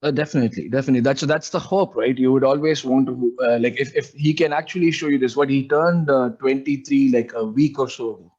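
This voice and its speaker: A man's voice: medium pitch, fast talker, few pauses, darkish tone, husky, muffled recording. A man chatting casually as a podcast co-host, rambling through his points with lots of "like" and "you know". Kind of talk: casual fan podcast chat.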